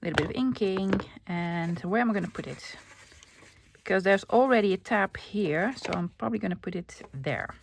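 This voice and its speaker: Dutch woman, crafting host, casual self-narration, soft asides, mid pitch. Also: lively intonation, moderate pace, creaky, noisy background. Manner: chatty, self-narrating, often drops to a soft whisper.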